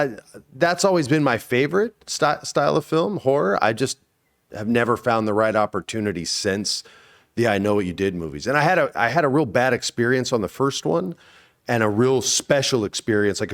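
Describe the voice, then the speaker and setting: A man in his forties, an actor as interview guest, telling stories casually and acting out quotes with sudden high bursts. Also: lively intonation, brisk.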